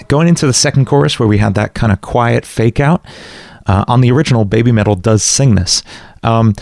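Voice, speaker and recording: A man talks viewers through his production breakdown in a relaxed, self-deprecating tone. His voice has a gravelly, fry-edged texture. The recording is dry and close, with no room sound. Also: medium pitch, normal speed, no echo. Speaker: music producer and channel host.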